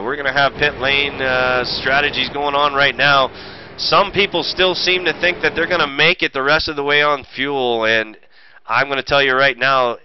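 A man giving brash, profane, off-the-cuff commentary on a sim race he hosts. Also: medium pitch. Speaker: sim racing commentator and streamer. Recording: muffled stream audio with loud engine noise. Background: racing game engine noise.

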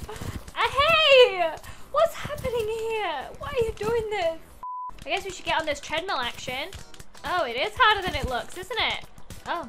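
A woman's voice: high-pitched, animated, moderate pace, bright, forceful tone, soft background music. A young woman giving giggly, exclamation-filled let's-play commentary as a gaming YouTuber, talking to the game as she plays.

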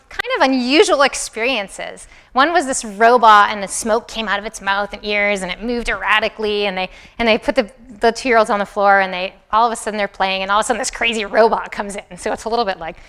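A woman's voice: a little high, a little fast, smooth. A woman lecturer talking to a class in a conversational way, asking the students questions directly. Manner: acts out soothing and excited voices. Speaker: university lecturer. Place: lecture room.

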